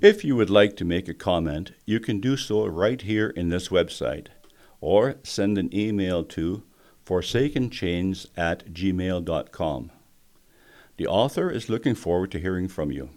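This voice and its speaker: A man's voice: deep voice, expressive, measured pace, a little mellow. A man reading the closing announcements of a serialized novel podcast in a plain, friendly way. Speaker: podcast host. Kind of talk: scripted outro announcement.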